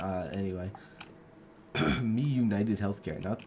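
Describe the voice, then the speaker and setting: A man's voice: low-pitched, animated, measured pace, darkish tone, a little hiss or hum. A sick young man with a cough, giving rambling, joking gameplay commentary into a desk microphone and drifting off mid-thought. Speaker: gaming video creator.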